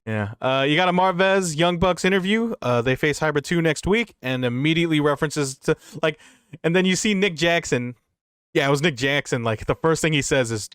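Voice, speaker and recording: A man's voice: on the high side, expressive, a little fast, fairly bright tone, clean tone, no room sound, studio quality. A man co-hosting a wrestling review podcast, recapping matches in a rambling, profane, casual way. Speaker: podcast co-host.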